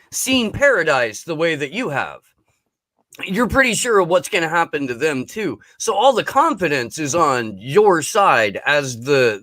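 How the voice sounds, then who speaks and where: A man co-hosting a podcast in casual chat, speaking in a measured, reflective way. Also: a little high, a bit bright, no room sound. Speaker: podcast co-host.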